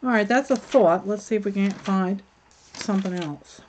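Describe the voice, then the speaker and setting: A woman hosts a crafting livestream, chatting casually and thinking aloud as she works, reading comments and laughing at them. Her mid-range voice is a little mellow at a moderate pace, she has hiccups, and there's a slight hiss or hum.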